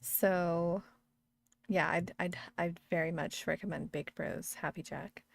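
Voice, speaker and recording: A woman's voice: fairly low pitch, fairly even intonation, slow, vocal fry, dry recording. A woman streamer chatting casually while gaming, rambling, laughing often and swearing freely.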